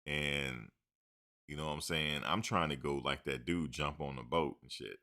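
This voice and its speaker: Very deep-voiced man hosting sports talk. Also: normal speed. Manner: rambling, animated, joking, with slang. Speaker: sports show host. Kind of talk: casual sports talk commentary.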